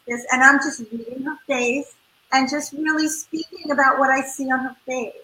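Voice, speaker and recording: Animated woman therapist, bright voice, echoey room. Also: sits high, normal speed. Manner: animated, acts out parent and child voices. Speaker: family therapist. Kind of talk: interview advice talk.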